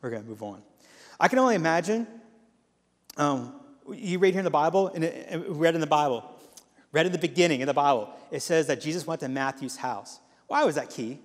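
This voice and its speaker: A fairly high-voiced man in his thirties preaches a casual, story-driven sermon in a church. His voice rings with the long reverb of a large sanctuary. He keeps it chatty, with asides. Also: animated, brisk. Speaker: guest lay preacher.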